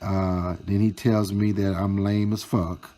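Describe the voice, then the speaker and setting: A man telling a storytime vlog, reading out chat screenshots in a slow, mocking, profane way. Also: deep voice, flat delivery, mellow. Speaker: storytime vlogger.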